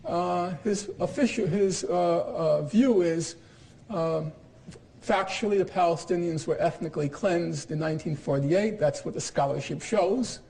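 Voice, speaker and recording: A man in his sixties delivers a public lecture in a high-pitched voice. He speaks emphatically and with dry sarcasm, breaking off often with fillers and restarts. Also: unhurried, vocal fry, dark tone, low-quality recording. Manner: emphatic, quotes opponents with sarcasm.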